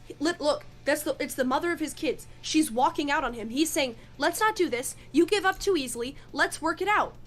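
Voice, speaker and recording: A woman with a high voice argues her side in a heated debate. She pushes back firmly and stays defensive against the other speaker. Faint music plays behind her. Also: lively intonation, a little fast.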